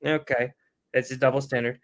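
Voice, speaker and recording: A man's voice: mid-range voice, little pitch movement, a little fast. A man co-hosting a casual podcast, blunt and profane, reading out comments and reacting. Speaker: podcast co-host. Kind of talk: casual chat.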